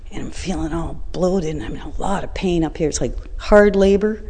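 A woman's voice: deep voice, normal speed. Woman, blunt storyteller, reverberant hall. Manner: colloquial, blunt and animated, vivid retelling. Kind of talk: casual personal storytelling.

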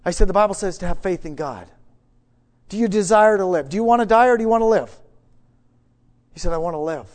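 High-voiced preacher swinging loud and hushed. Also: male voice. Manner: animated, halting with many restarts, swings from hushed to loud. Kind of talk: sermon storytelling.

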